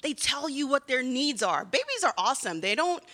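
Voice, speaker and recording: Woman children's-church teacher, lively and questioning, with a bright, fairly high voice. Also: normal speed, in a large hall. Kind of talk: children's sermon.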